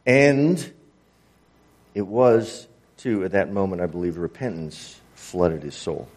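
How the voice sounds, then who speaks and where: A man's voice: sits low, takes it slowly, darkish tone. A male preacher delivering a sermon, telling a story with acted-out dialogue.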